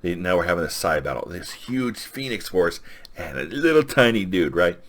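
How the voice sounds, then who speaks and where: A man's voice: deep voice, big pitch swings, moderate pace, a bit bright. A man casually retelling a comic book story as a reviewer, with lots of fillers and quoted lines. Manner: rambling, filler-heavy recap with quoted lines.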